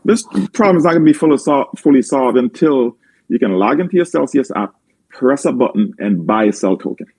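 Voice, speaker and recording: A man's voice: medium pitch, animated, fairly quick, darkish tone, breathy edge, no echo. A man with a Jamaican accent, making insistent points in a casual group call.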